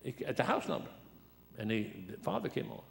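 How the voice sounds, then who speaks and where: A man's voice: medium pitch, sing-song, a little fast, gravelly. An older man preaching as a guest, telling folksy, rambling stories and laughing at them. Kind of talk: sermon with storytelling.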